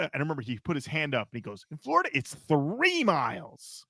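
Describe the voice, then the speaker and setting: A man's voice: mid-range voice, fast, hardly any pauses, no echo. A man co-hosting a podcast, telling a backstage story in casual chat and acting out what people said. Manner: animated, acts out quotes. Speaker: podcast co-host.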